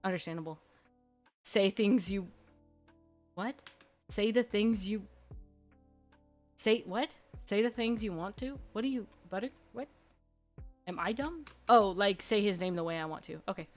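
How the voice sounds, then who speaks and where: A woman streamer chatting casually, gushing and rambling excitably. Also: medium pitch, a little slow, long pauses. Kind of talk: casual live-stream chat. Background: faint background music.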